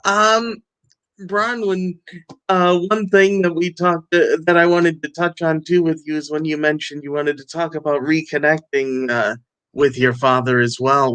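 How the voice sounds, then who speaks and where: A man's voice: a little high, fairly bright tone, clean tone, no echo. A man hosting a podcast interview, asking questions in a hesitant way, full of fillers. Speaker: podcast host.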